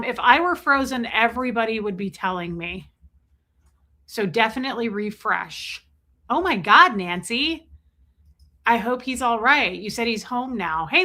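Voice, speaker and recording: A woman's voice: fairly high pitch, bright, forceful tone. A woman hosting a casual livestream, chatting and joking as she reads out viewers' names. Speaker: livestream host.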